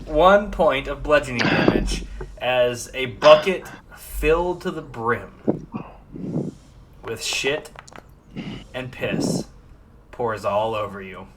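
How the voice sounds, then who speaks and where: A man's voice: mid-range voice, lively intonation, takes it slowly, pauses often, background noise. A man narrating as game master in a casual, laughing way with lots of fillers.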